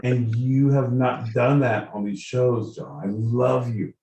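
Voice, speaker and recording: Loud profane man telling a rambling story. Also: medium pitch, steady tone, takes it slowly, roomy sound, recorded from a distance, muffled recording. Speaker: podcast co-host. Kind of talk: rowdy live-stream banter.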